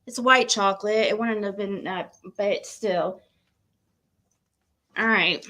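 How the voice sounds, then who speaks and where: A woman's voice: medium pitch, fairly even intonation, takes it slowly, pauses often, pushed and bright. A woman doing a casual tarot-reading livestream at home, emotional and nervous, laughing between readings and talking to her pet.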